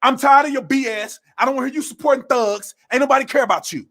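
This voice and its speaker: A man's voice: very high-pitched, fast, bright, forceful tone. A man giving a heated, combative political rant to camera, blunt and slangy, repeating phrases for emphasis. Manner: slangy, informal speech. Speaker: political commentator.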